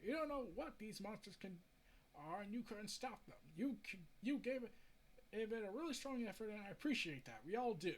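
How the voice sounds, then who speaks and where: Brief: patronizing small-town sheriff read by a man, placating, lively pitch. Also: a little fast.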